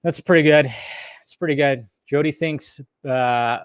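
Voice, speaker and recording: A man's voice: fairly high pitch, a little slow, smooth, no room sound, clean studio sound. A man hosting a live stream, ranting heatedly and swearing often while a little tipsy from bourbon. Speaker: streamer host.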